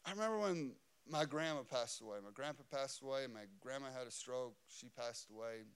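Impassioned male pastor, clear voice. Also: a little fast. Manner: impassioned, rising in pitch and volume for emphasis. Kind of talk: sermon.

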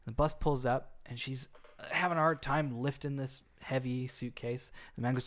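A man with a mid-range, slightly bright voice and fairly even intonation tells an urban legend at a moderate pace during a casual podcast chat. As a co-host he rambles, restarting frequently and using plenty of fillers.

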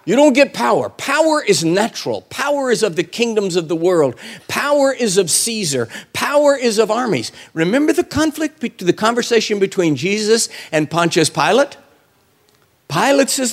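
A man giving a sermon as a guest preacher, telling the story in a colloquial, humorous way and acting out the voices of the people in it. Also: normal speed. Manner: animated storytelling, acts out voices with big pitch swings.

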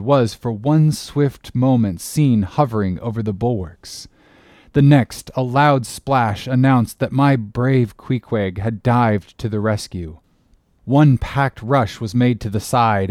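A man's voice: medium pitch, no room sound, studio quality. Man reading a classic novel aloud. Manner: steady, expressive reading. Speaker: audiobook narrator. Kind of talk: scripted narration.

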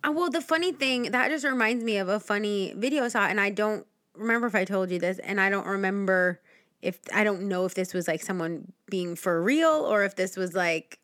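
A woman co-hosting a podcast who chats casually, laughs easily and is quick to agree. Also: medium pitch, a bit bright, no echo, studio quality. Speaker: podcast co-host. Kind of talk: casual chat.

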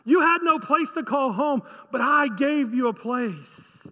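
A man's voice: extremely high pitch, expressive, measured pace, bright, forceful tone, big-room sound, muffled recording. A male pastor preaching a conversational sermon, often asking the congregation rhetorical questions.

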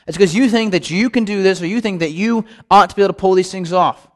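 Man, preacher, bible study teaching, slightly higher voice, chatty, repeats phrases for emphasis. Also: quick pace. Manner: conversational, repeats words when stressing a point. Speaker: pastor. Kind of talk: midweek Bible study sermon.

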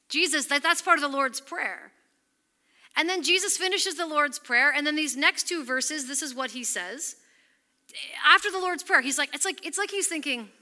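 A woman pastor delivers an earnest sermon in a very bright, somewhat high voice. She presses her points emphatically, then sinks almost to a whisper when she quotes scripture. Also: expressive, fairly quick.

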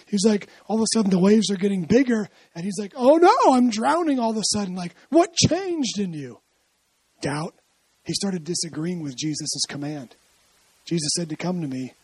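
A preacher with a husky voice delivers a casual, storytelling sermon and keeps checking in with the listener through rhetorical questions. The sound is dry and close, with no room echo. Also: mid-range voice, lively intonation, moderate pace, a little mellow. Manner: asks frequent rhetorical questions; explains scripture in a chatty, storytelling way. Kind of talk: conversational sermon.

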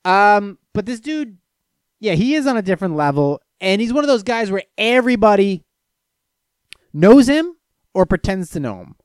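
A young man from Florida rambles through stories and chat questions, cursing freely. His pitch swings widely as he gets worked up, and the sound is dry and close with no room echo. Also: moderate pace, clean tone. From Florida, USA. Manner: profane, storytelling, lively swings in pitch and loudness. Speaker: streamer answering chat questions.

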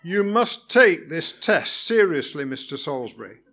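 A prickly, humourless driving examiner, as a man reads him out, clipped and pedantic, pressing heavily on each word. The voice sits a little higher and louder than the reader's own, a touch above a typical man's pitch. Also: sing-song, moderate pace, full character voice. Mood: snappish. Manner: pedantic, clipped, over-emphatic. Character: stiff, irritable male driving examiner.

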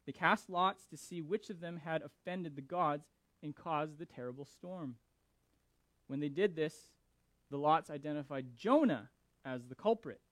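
A man preaching who reads scripture and comments on it in an animated, emphatic way, often repeating his words. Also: on the high side, measured pace, dry recording. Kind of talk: scripture reading and sermon commentary.

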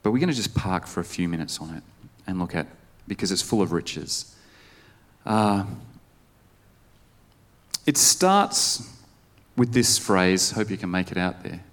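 A man's voice: low voice, lively intonation, a little slow, pauses often, a bit bright. A male pastor preaching a conversational sermon, putting questions to the congregation. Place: church service.

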